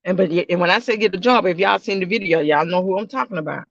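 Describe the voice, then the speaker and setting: High-voiced man, loose casual vlog talk. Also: fast, creaky, a bit bright, dry recording, dull audio. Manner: rambling, repeats himself, talks straight to viewers. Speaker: YouTube reaction channel host.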